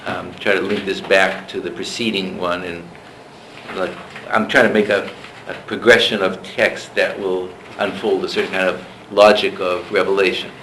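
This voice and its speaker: A male lecturer leading a seminar, talking in a discursive, halting way with frequent restarts. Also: low voice, flat delivery, fairly bright tone, reverberant, a little hiss or hum, rough recording.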